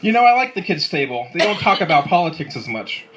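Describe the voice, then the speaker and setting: A man's voice: on the high side, sing-song, fast, a crowd in the background. A man in his twenties performing stand-up comedy, delivering dry one-liners and chuckling at his own jokes. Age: 20s. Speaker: amateur comedian. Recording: live set with audience laughter. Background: audience laughing.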